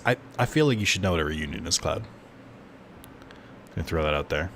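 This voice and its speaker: A man streaming a game, joking, swearing and tossing off quick asides. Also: very deep voice, expressive, vocal fry, fairly bright tone, a little hiss or hum. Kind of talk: casual gameplay commentary.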